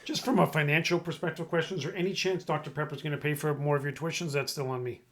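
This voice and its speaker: A man's voice: fairly high pitch, steady tone, fast, fairly bright tone. Wry middle-aged man joking. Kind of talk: casual podcast chat.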